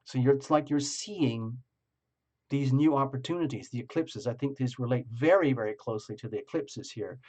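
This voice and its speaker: A man's voice: mid-range voice, normal speed, darkish tone. A man giving a casual tarot reading, meandering along and repeating words for emphasis. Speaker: tarot reader.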